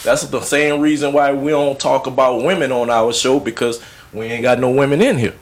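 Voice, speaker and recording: Male podcast co-host, animated storyteller, mid-pitched. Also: normal speed. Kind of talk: casual chat.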